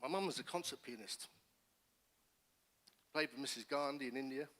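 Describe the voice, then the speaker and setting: A middle-aged man, a pastor, giving his testimony in church with earnest, animated storytelling. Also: mid-range voice, normal speed. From England. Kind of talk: personal testimony sermon. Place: church hall. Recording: long church hall reverb.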